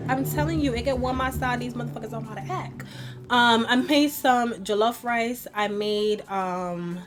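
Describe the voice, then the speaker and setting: A woman's voice: medium pitch, measured pace, soft background music. Chatty young woman vlogger, rambling. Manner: chatty, rambling, with many fillers. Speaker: beauty vlogger. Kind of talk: casual chat while doing makeup. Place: home bedroom at a vanity.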